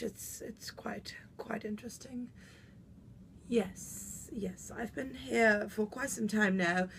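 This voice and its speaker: A woman playing a haughty, melodramatic socialite with a self-styled French heritage, who swings between imperious outbursts and breathy whispers in a comic monologue. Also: a little high, a bit bright, exaggerated voice. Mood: weary, affected.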